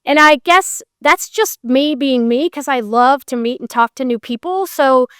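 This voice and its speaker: A woman guest tells personal stories in an animated, chatty way and slips into the voices of the people she quotes. Her voice sits high and rings clear. The close mic gives a dry sound. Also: measured pace, dry recording. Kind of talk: conversational storytelling.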